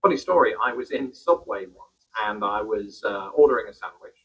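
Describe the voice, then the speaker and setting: A man's voice: lowish voice, expressive, normal speed, a bit bright. An Englishman with an English accent, telling wry stories in a played video clip. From England. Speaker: video creator. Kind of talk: comedic commentary. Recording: dull distant audio from a played clip.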